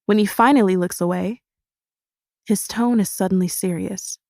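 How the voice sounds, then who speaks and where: Reading a first-person novel for an audiobook, a woman narrates steadily and expressively at normal speed. Her pitch is middling, and the recording is close and dry with no room echo.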